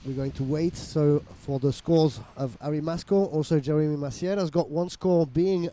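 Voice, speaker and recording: A man's voice: fairly high pitch, normal speed, warm tone, a little hiss or hum. Man calling surf heats. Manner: reads viewer messages, slips into Spanish and French. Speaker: surf commentator. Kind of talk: live sports commentary.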